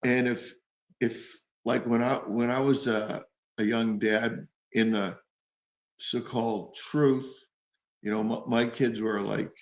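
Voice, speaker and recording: A man's voice: medium pitch, steady tone, slow pace, roomy sound, low-quality recording. An older man hosting a talk show, blunt and firm in his opinions, often restarting his sentences. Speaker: host. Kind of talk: casual talk show commentary.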